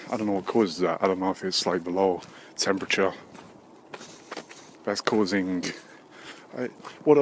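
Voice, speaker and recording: A man vlogging on his own outdoors with a handheld camera. He rambles crudely and mocks himself, breaking into sudden silly shouted voices. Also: low voice, a little hiss or hum. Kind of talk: rambling solo vlog.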